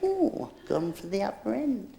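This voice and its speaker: A male comedian doing live stand-up with an audience volunteer, teasing her with cheeky innuendo and squeaky, shrieking rises. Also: sing-song, measured pace, creaky. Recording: loud hiss on an old VHS tape recording.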